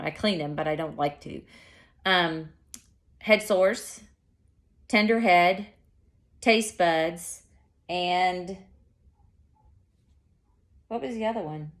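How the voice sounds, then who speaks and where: Rambling woman vlogging. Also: fairly low pitch. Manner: rambling, self-correcting storyteller. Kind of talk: casual chat to camera.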